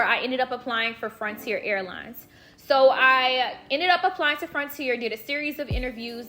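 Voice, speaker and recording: Bright, chatty woman from Florida. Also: fairly high pitch. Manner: chatty, animated, addresses viewers as y'all. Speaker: vlogger. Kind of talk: casual storytime.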